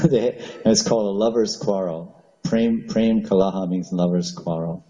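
A man's voice: lowish voice, measured pace, warm tone, highs cut off. A man teaching a devotional talk, telling stories with chatty asides and small laughs. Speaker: spiritual teacher.

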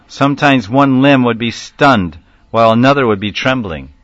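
A man's voice: medium pitch, normal speed, fairly bright tone, dry recording, muffled recording. A man giving a devotional class lecture, telling stories animatedly, acting out quotes and chuckling often. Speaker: spiritual lecturer.

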